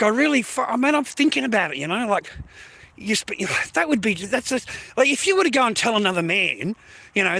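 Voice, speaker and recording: A man's voice: high voice, pushed and bright, poor audio. An Australian man ranting straight to his viewers in a casual vlog, swearing heavily, repeating himself and calling them mate and boys. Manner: profane, repetitive, addresses viewers as mates and boys. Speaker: vlogger.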